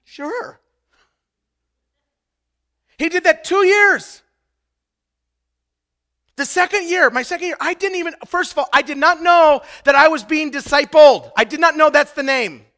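A middle-aged man from Idaho preaching a sermon, telling personal stories and building to loud, emphatic bursts. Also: very high voice, moderate pace. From Idaho, USA. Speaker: pastor.

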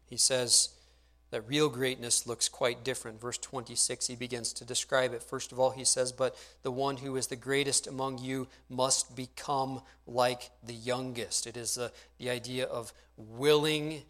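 A man's voice: mid-range voice, flat delivery, moderate pace, a bit bright. A man in his thirties preaching a sermon, earnest and conversational, often asking his listeners rhetorical questions. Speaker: pastor.

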